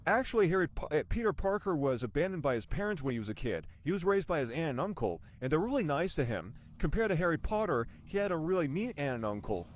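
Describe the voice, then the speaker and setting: Rambling young man, lively pitch. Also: quick pace, few pauses, slight background noise. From United States. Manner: meandering, with frequent restarts and rhetorical questions. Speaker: vlogger reviewing a movie. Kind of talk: rambling casual movie review.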